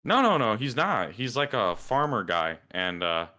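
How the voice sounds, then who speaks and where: A man's voice: fairly low pitch, big pitch swings, measured pace, pushed and bright. A man with a Southern US accent, co-hosting a podcast and telling rambling stories in casual chat. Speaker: podcast co-host.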